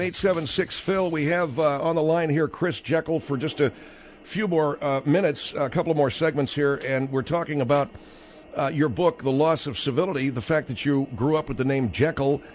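Brisk radio talk show host. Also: male voice, a little high. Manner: brisk, interjecting, moves the show along.

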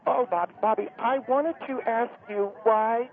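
A man's voice: measured pace, creaky, heavily acted. A man voicing a gushing, nosy woman calling in to a radio show. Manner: gushing, breathless, shrill. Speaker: caller. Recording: tinny phone-line radio sound.

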